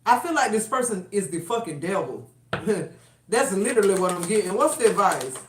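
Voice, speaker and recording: A woman giving a live-stream tarot reading, talking bluntly and profanely, pushing hard on her points. Her voice sits at an ordinary pitch and carries a noticeable roomy echo. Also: expressive, fairly quick, background noise. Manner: blunt, profane, fired-up and emphatic. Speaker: tarot reader.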